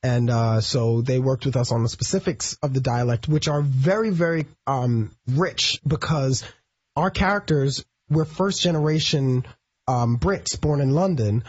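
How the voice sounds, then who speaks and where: Husky-voiced male actor explaining thoughtfully. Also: mid-range voice, a little mellow, no room sound. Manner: thoughtful, explanatory, with pauses and fillers. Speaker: stage actor guest. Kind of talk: radio interview. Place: radio studio. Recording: dull lo-fi radio broadcast audio.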